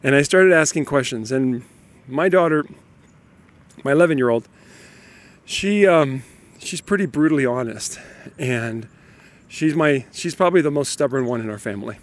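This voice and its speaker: A father aged somewhere in his thirties or forties laughs often as he tells lively, casual stories about parenting. He speaks in a mid-range voice at a moderate pace.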